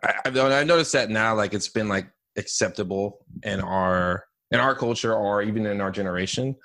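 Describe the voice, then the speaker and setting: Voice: deep voice, normal speed, a bit bright. A podcast host reading listener questions in a hesitant way, with many fillers, in a casual interview.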